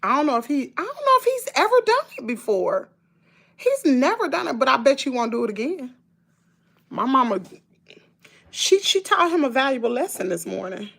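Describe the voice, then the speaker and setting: A middle-aged woman with a Southern US accent hosts a casual livestream and chats with her viewers in a folksy way. Her voice sits fairly high, bright and forward, with a gravelly edge. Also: sing-song, moderate pace. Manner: chatty, folksy, reads out viewer comments. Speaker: livestream host.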